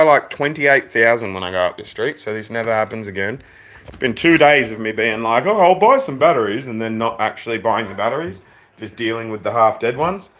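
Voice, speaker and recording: A man's voice: mid-range voice, fairly bright tone. A young Australian man hosting a casual live reaction stream from home, laid-back and swearing freely.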